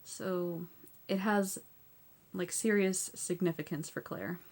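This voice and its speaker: Chatty woman with a low, gravelly voice. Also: fairly even intonation, slow. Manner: chatty, laughs often, lots of "like" and "so yeah". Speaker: TV episode recap host. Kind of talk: casual recap and review.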